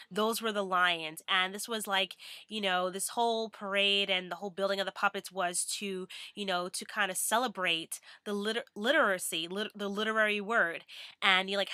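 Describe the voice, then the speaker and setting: A woman's voice: medium pitch, sharp tone, clear, resonant tone, dry recording, studio quality. A young woman vlogging in a bubbly, rambling way with many fillers. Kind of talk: casual chatty vlog.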